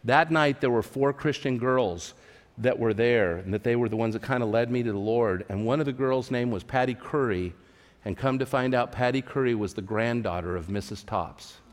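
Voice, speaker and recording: A man's voice: mid-range voice, normal speed. A man from California preaching a sermon at a church service, earnest, repeating his words and asking the listeners questions. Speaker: pastor. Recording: long hall reverb.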